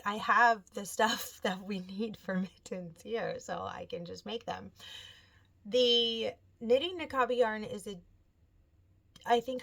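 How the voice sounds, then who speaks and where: A woman's voice: medium pitch, vocal fry. Chatty woman knitting vlogger. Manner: chatty, animated storytelling with quoted voices. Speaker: knitting podcast host. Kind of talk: casual chat.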